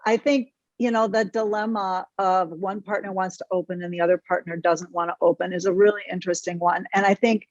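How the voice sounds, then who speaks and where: A woman therapist talks frankly on a podcast with energy and the odd mild curse. Her voice sits at an ordinary pitch. It comes through a dull, slightly muffled and very dry recording. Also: steady tone, a little fast, few pauses, no room sound. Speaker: therapist guest. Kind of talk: podcast interview.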